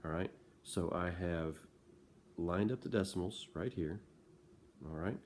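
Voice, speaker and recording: A man's voice: sits low, measured pace, darkish tone, a little hiss or hum. A male math teacher talking students through a lesson in a casual, conversational way, often checking in with "okay?".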